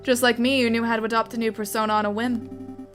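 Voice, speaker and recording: A woman's voice: on the high side, little pitch movement, fast, a bit bright, faint music behind, close to an everyday voice. A woman voicing a sly fox con man with a fake Spanish accent. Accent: put-on Spanish accent. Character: scheming male fox con man posing as prince.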